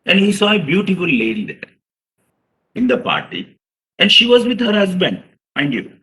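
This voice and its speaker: Bright-voiced man lecturing. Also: sits high, wildly swooping pitch, normal speed, rough recording. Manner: earnest, addresses audience as "sir", acts out quotes. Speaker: chartered accountant giving a professional seminar. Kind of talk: seminar lecture with storytelling.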